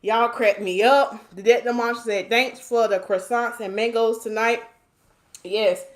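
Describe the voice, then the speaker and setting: Woman on a live stream, chatty n playful, bit higher voice, keeps repeating stuff. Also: steady tone, unhurried. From North Carolina, US. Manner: chatty, playful, repeats phrases, reads comments aloud. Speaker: hair stylist hosting a live stream. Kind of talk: casual live stream chat reading comments.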